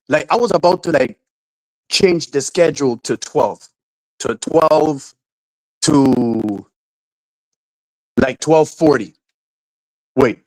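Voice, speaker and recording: A man hosting a livestream, irritated and swearing through rambling rants that keep restarting. His voice sits a bit high for a man, and it is captured dry and close with no room sound. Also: no echo, low-quality recording. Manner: swears constantly, rants and restarts, raises voice when angry. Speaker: livestream host. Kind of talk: casual profane livestream chat.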